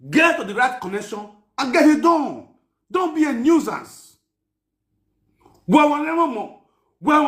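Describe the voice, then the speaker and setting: A man giving a scolding, mocking rant that mixes Pidgin and Yoruba, often shouting. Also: very high voice, roomy sound. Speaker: commentator. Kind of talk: ranting commentary.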